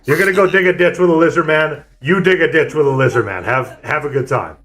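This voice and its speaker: A man's voice: on the high side, fast, fairly bright tone, a little hiss or hum, pitched above the performer's own voice, lightly acted. A man voicing a skeptical male state trooper in a spoken anecdote, teasing and drawling with amused disbelief. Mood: resigned.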